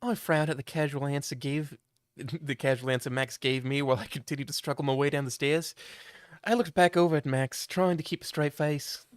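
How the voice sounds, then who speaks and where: A man's voice: on the high side, fairly even intonation, brisk, clean tone, no echo. A young man reading a game aloud on a live stream, joking and swearing as he chats with viewers.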